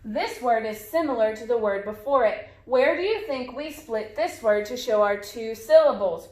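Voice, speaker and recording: A woman's voice: on the high side, lively intonation, moderate pace, a little mellow, reverberant. A woman teaching a phonics lesson to young children, patiently modeling sounds and words.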